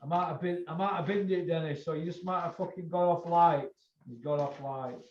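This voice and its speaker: A man's voice: a little high, brisk. A man hosting a boxing chat show, blunt and lecturing, swearing freely. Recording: echoey, dull lo-fi room sound.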